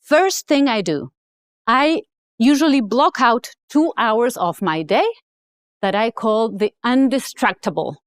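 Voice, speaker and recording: A middle-aged woman with a higher voice tells a motivational story, her pitch leaping all over as she acts out each moment. The sound is dry and close, with faint music underneath. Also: expressive, takes it slowly, no room sound. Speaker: speaker.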